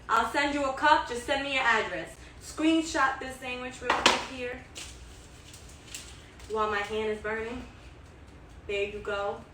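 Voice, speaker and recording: A home cook hosts her own cooking vlog in her home kitchen, chatty and enthusiastic, repeating herself as she cooks and tastes. Her voice is fairly high and sharp, with slight background noise, and the mic sits at a distance in the echoey kitchen.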